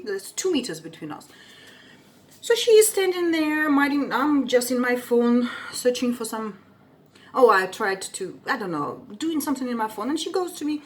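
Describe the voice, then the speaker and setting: Animated, indignant woman with a Russian-speaking background. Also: a little high. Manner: indignant and expressive, swears freely. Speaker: vlogger. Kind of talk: casual storytime rant.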